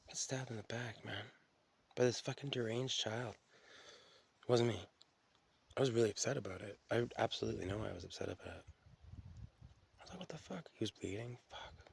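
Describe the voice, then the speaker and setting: A man's voice: on the low side, fairly even intonation, brisk, creaky, long pauses, breathy edge. A man telling stories in a rambling, profane, stream-of-consciousness solo monologue, often restarting his sentences.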